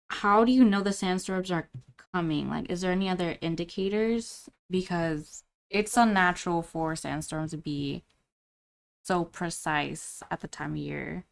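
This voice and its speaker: A woman plays a curious adult woman adventurer who digs for answers while keeping her tone offhand. Her voice sits somewhat low for a woman. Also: vocal fry. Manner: casually inquisitive questioning.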